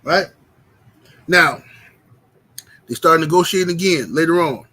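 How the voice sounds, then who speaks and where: A man with a fairly high voice hosts a boxing livestream. He argues his case with emphasis, calls out names from the chat and keeps checking in with "right?". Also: measured pace, sharp tone. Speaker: boxing commentary host. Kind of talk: livestream commentary with chat shout-outs.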